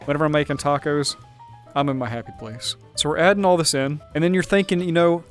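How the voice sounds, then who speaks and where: A man's voice: on the high side, steady tone, fast talker, soft background music. A man hosting a gaming channel, giving upbeat, jokey running commentary while he plays. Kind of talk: casual gameplay commentary.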